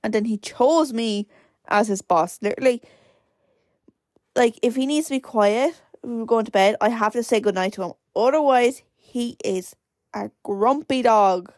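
Rambling through a casual solo episode of her podcast, a nineteen-year-old Irish woman uses many "like" fillers in a chatty way. Her voice is on the high side with a darkish tone and moderate pace, in a dry, studio-quality recording.

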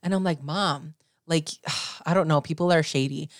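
A woman with a low voice chatting casually as podcast co-host, gushing and animated, leaning on "like". The sound is dry and close, with no room around her. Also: normal speed, no echo. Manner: animated, gushing fan talk with filler "like". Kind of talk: casual chat.

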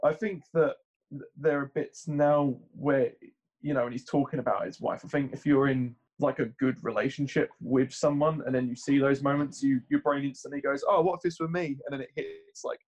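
A man's voice: mid-range voice, steady tone, moderate pace, darkish tone. A man in casual podcast chat, reflective and hedging his points. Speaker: podcast co-host.

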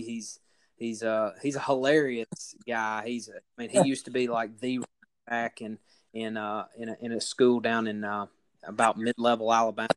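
A man telling a funny story on a casual podcast, laughing often and acting out loud quotes. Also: medium pitch, clear, resonant tone, dry recording. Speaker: podcast host.

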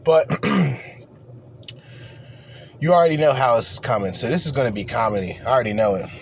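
A man's voice: medium pitch, animated, brisk, a little hiss or hum. A man hosting a reaction commentary, ranting in a profane, confrontational way. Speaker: commentary host.

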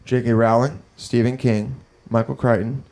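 A man co-hosting a podcast who rambles through his points with lots of restarts. He swears freely and laughs often. His voice sits at an ordinary middle pitch. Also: flat delivery, moderate pace, darkish tone. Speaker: podcast co-host. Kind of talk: casual podcast chat.

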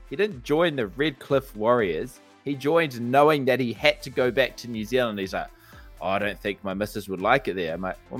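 A man's voice: medium pitch, fairly bright tone. A man co-hosting a casual sports podcast, heated and swearing as he argues. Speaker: podcast co-host.

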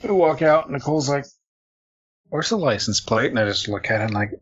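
A man's voice: medium pitch, lively intonation, a little fast, breathy edge. A man in casual chat, telling a grumbling, wry story about his weekend. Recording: dull, lo-fi sound.

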